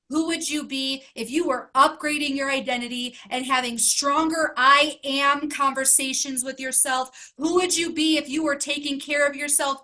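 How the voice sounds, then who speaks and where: A woman's voice: high voice, pushed and bright. A woman life coach giving an emotional motivational talk to her group, earnest and emphatic, asking question after question. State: emotional, close to tears.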